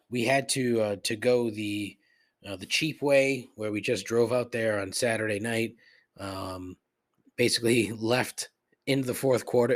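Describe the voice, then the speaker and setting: Male podcast host, casual profane rant, sardonic storyteller, mid-range voice. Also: medium pitch.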